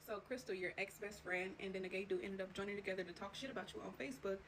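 A woman tells a chaotic story straight to camera, quick and animated, with plenty of cursing. She speaks at a brisk clip at an ordinary pitch. There is a faint hiss behind her voice. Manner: profane, animated, tells it in second person. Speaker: storytime vlogger. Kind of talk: casual storytime retelling.

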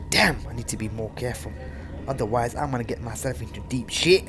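A man giving casual live commentary on a horror game, swearing freely and talking to the characters on screen, yelling when chased. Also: medium pitch, fast talker, over music. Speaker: gameplay commentator.

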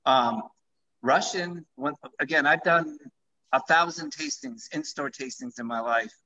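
Man, vodka brand founder on a livestream, eager sales pitch, bright tone, dull lo-fi sound. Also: a little slow. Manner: enthusiastic, pitching his product. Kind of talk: live-streamed conversation.

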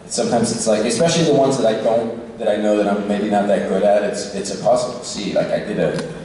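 A tired man chatting casually as a convention panel guest, relaxed and quick to laugh. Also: lowish voice, slight background noise. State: tired, short on sleep. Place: large convention hall. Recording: echoey hall recorded from far off.

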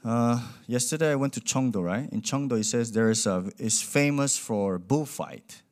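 Lively young male preacher. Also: medium pitch, moderate pace. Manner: animated, acts out quoted voices, non-native grammar. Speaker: pastor. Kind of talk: sermon with storytelling.

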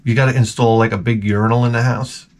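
A man's voice: medium pitch, level tone, quick pace, darkish tone. A man hosting his own vlog, telling crude, profane stories in a rambling comic monologue. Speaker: vlog host.

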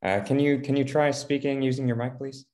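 A man's voice: mid-range voice, a little fast, darkish tone. Guy moderating a video conference, polite and brief. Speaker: session moderator.

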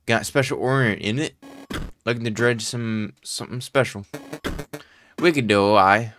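A man's voice: medium pitch, unhurried, over music, close to an everyday voice. A man voicing a stubborn, cagey male worker in a put-on Cockney accent, blunt and slangy, calling everyone mate. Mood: gruff. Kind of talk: voicing a game character while playing.

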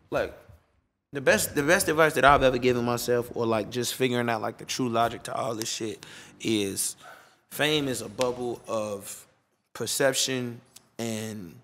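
Male DJ, casual interviewee, laid-back slang, lively when mimicking people. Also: mid-range voice, a little hiss or hum.

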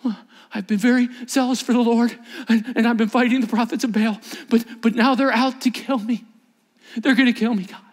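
A worn-out prophet , put on by a preacher, pleads his case in a high, strained voice, stumbling over his words as he protests that he is being hunted. He sounds defensive and afraid. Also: fairly even intonation, brisk, in a large hall. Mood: plaintive. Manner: defensive, stammering complaint.

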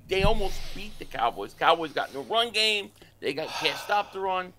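Heated sports-talk panelist, male, pushy and forceful in tone. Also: high voice, lively intonation, moderate pace, hardly any pauses, a little hiss or hum. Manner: heated, ranting.

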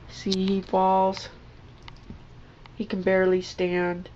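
A woman vlogger talking softly to her old cat and her viewers, in tender coaxing baby talk, sometimes whispering. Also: medium pitch, steady tone, creaky, lo-fi sound, a little hiss or hum. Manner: slow, gentle, at times whispered. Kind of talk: soft chat to a pet and viewers.

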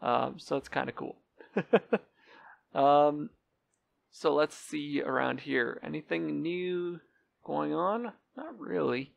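A man's voice: on the high side, slow, gravelly, lo-fi sound. A man giving casual, rambling gameplay commentary as he tours a game server, with many ums and uhs. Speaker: Minecraft server let's-player.

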